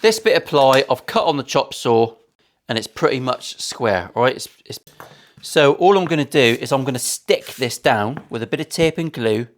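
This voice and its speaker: A man's voice: mid-range voice, lively intonation, normal speed. A man building a guitar in his workshop, talking casually to camera with cheeky banter, plenty of swearing and jokey asides. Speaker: luthier.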